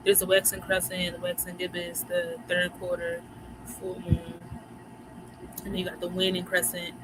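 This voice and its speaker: A woman's voice: on the low side, monotone, normal speed. A woman from Philadelphia with a Philly accent, hosting a livestream in a chatty, slangy way, talking straight to her viewers about moon phases. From Philadelphia, USA. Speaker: livestream host. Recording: clear background noise.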